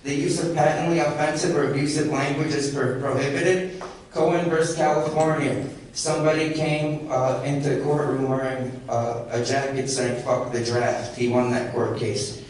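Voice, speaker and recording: A man's voice: mid-range voice, flat delivery, moderate pace, darkish tone. A man speaking through a medical mask at public comment in a council meeting, agitated and argumentative, repeating himself. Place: large council chamber. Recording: echoey council chamber, distant mic, faint hiss.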